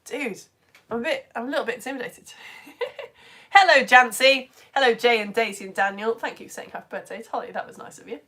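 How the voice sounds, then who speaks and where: A woman hosting a live stream lesson, chatty and excitable, reading out viewer comments and laughing often. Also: a little high, fairly quick. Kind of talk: casual live-stream chat.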